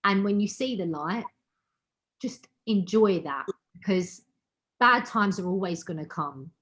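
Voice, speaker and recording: A woman's voice: mid-range voice, expressive, measured pace, fairly bright tone. A woman hosting an online wellbeing meeting, giving a heartfelt, emotional motivational talk over a video call and repeating words for emphasis.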